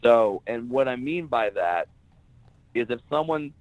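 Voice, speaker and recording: A man's voice: mid-range voice, animated, measured pace, no room sound, rough recording. A male stand-up comedian on a podcast interview, casually telling blunt, profane stories and acting out the people he quotes.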